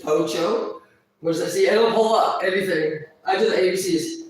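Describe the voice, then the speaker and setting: A woman's voice: fairly low pitch, normal speed. A blunt, foul-mouthed woman rambles through a casual vlog monologue. She sits well back from the microphone, and her voice rings around a very echoey room. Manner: crude, profane, blunt. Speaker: vlogger. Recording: echoey room, far from mic.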